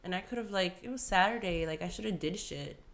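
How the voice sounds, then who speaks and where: A low-pitched woman around thirty in a relaxed podcast chat. She swears freely and plays out both sides of her story. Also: fast talker, gravelly, a crowd in the background. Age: 30s. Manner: profane, storytelling, often quoting herself. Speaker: podcast co-host. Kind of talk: casual chat.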